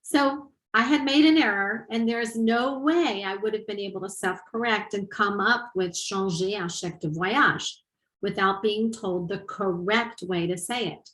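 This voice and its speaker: A woman's voice: medium pitch, measured pace, fairly bright tone, reverberant, rough recording. A middle-aged woman presenting at a teaching conference, explaining ideas and asking her audience rhetorical questions. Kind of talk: webinar lecture.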